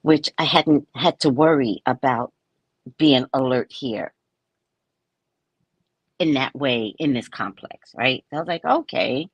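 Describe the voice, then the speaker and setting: A woman psychic casually telling a story about her neighbors, animated and acting out the people she quotes. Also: extremely low pitch, measured pace, long pauses, slightly rough, no room sound, muffled recording. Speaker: psychic reader.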